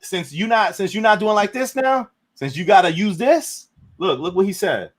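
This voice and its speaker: Animated, profane man ranting on a live stream. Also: sits high, normal speed. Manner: loud, profane, animated with sudden shouts. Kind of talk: heated casual rant.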